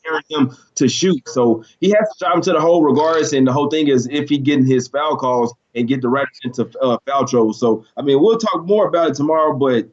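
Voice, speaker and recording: A man's voice: mid-range voice, fast, hardly any pauses. A man co-hosting a sports betting show, talking casually in a laid-back, slangy way and laughing easily. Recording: dull lo-fi audio.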